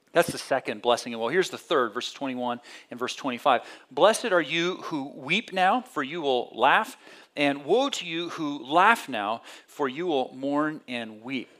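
A man delivering a sermon in a slightly higher voice. He talks in a conversational way, restarts his phrases, and swings between loud, raised emphasis and low, quiet tones. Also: lively intonation, normal speed. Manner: conversational preaching with many restarts and sudden rises in pitch and volume. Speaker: pastor.

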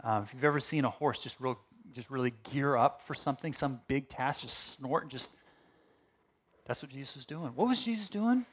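A male pastor preaching a sermon in a conversational, animated way, with asides and restarts. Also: mid-range voice, moderate pace, slightly rough.

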